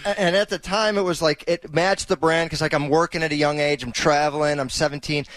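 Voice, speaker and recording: A man's voice: a little high, fairly even intonation, fairly quick, no echo. A man in casual studio banter, laid back and giving advice. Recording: loud background noise.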